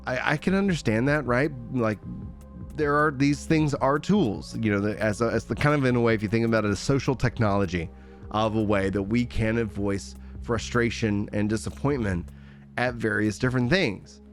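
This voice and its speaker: A man's voice: mid-range voice, moderate pace. Guy riffing on gaming news, rambly, restarts a lot, faint music behind. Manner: rambling, animated, many restarts. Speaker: gaming commentator. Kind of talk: casual opinion monologue.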